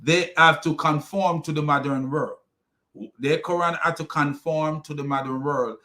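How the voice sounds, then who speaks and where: A religious commentator critiques a played clip in an argumentative way, full of fillers and restarts. His voice is fairly high and sharp, with a steady tone and normal speed.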